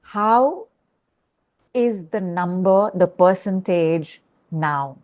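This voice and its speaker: A woman coaching a group call, guiding a slow exercise and repeating affirmations. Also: fairly low pitch, animated, a little mellow, dull audio. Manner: slow, repetitive, instructive.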